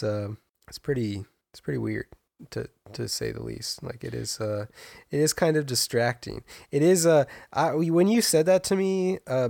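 Young man, casual podcast co-host, loose rambling delivery with restarts, middle pitch. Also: vocal fry. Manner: rambling, animated, many restarts. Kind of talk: casual film chat.

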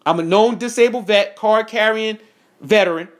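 A man angrily recounting a confrontation in a profane, animated first-person story with quoted dialogue. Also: high voice, normal speed. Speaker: veteran recounting an incident. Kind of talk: angry first-person account to camera.

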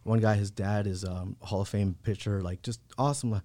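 Laid-back low-voiced guy, dry sound. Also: fairly even intonation, fairly quick, dark tone, no room sound. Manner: laid-back slangy talk, many "bro" and "like". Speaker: podcast guest. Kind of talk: casual storytelling.

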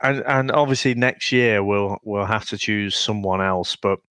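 A man's voice: on the low side, measured pace, a bit bright, smooth, no echo. A man from the UK co-hosting a podcast, telling stories casually and laughing. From United Kingdom. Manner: laughing, storytelling, restarts. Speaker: podcast co-host. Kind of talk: casual chat.

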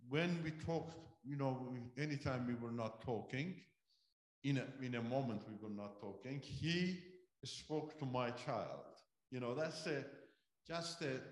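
A man giving a sermon testimony as a guest missionary speaker, telling a story with animated delivery and acting out what people said. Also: mid-range voice, echoey room. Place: church.

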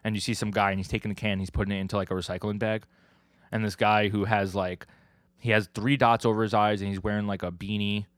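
A man's voice: lowish voice, level tone, quick pace, no room sound. A man co-hosting a podcast, casually recapping comics and acting out the lines he quotes. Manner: acts out quoted lines, laughs often. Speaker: podcast co-host.

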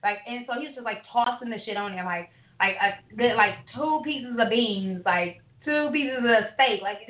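A woman co-hosting a podcast, telling a long story in a profane, rambling, animated way with lots of fillers. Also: on the high side. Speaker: podcast co-host. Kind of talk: casual ranting storytelling. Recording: echoey tinny phone-line audio.

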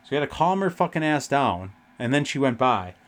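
A young man hosts a podcast and tells a long, rambling story with swearing in nearly every sentence. His retelling is animated and casual, at an ordinary male pitch. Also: fairly quick. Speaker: podcast host.

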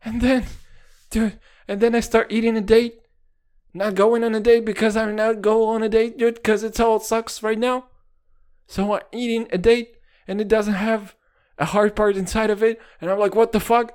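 A man's voice: high-pitched, level tone, normal speed, a little mellow, clear, resonant tone. A young man rambling through a casual solo podcast, jokey and full of swearing. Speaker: podcast host.

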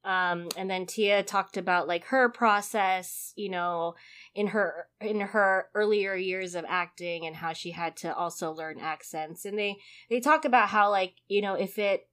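Bubbly woman cohost, bright voice, laughy, lots of "like". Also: mid-range voice, a little slow. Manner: bubbly storyteller, laughs a lot, many "like"s. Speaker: podcast co-host. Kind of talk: casual podcast chat.

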